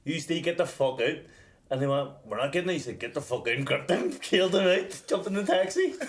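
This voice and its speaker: A man's voice: a little high, expressive, brisk, slight background noise. A man in casual banter, teasing his friends and swearing freely. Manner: profane, teasing.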